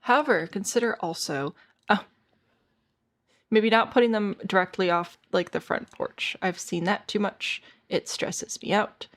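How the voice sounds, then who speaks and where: A tired woman with a hoarse voice, chatting casually to her viewers as a streamer while she plays a game and thinks aloud. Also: medium pitch, measured pace. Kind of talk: casual gameplay chat.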